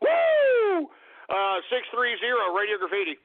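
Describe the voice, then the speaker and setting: Radio host, male, high and swooping voice, exasperated and cursing, tinny phone-like sound. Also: lively intonation, normal speed. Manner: exasperated, swearing, breaks into laughter. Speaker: radio call-in show host. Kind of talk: call-in radio talk.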